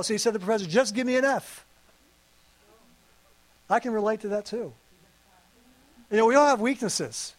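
A man with a high voice preaching to his congregation. He is earnest and conversational, and he slips in playful asides as he goes. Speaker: pastor. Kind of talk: sermon. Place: church service.

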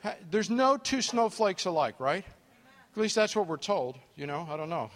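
A man preaching a sermon, his voice sitting a bit high. He speaks in an easy, conversational way and puts questions to the congregation. A long reverb trails his words in the hall. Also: very animated, moderate pace, a bit bright. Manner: storytelling a joke, then preaching with questions to the congregation. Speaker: pastor.

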